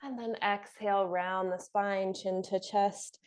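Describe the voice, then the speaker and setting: A young woman leads a yoga class in a calm, encouraging voice. She talks you through each pose and laughs softly now and then. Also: medium pitch, unhurried, smooth. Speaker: yoga instructor. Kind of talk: guided yoga class instruction.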